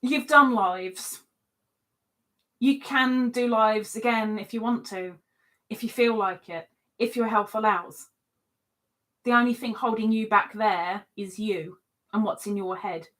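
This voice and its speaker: A woman's voice: mid-range voice, measured pace, pauses often, fairly bright tone. A woman hosting a casual live stream, reading out viewers' comments and answering them in a teasing, chatty way.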